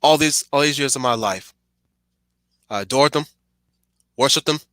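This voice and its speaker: A man voicing a defiant male werewolf leader who shouts in a strained, high, impassioned way. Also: moderate pace, no echo, clean studio sound, close to an everyday voice. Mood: furious, impassioned. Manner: impassioned, declamatory.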